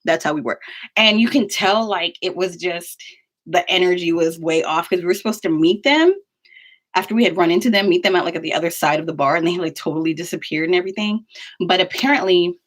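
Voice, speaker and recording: A young woman with a somewhat low voice tells a story from her life in a loose, chatty way. She fills her sentences with "like" and breaks off into quick asides as she goes. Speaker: vlogger. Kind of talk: casual storytelling.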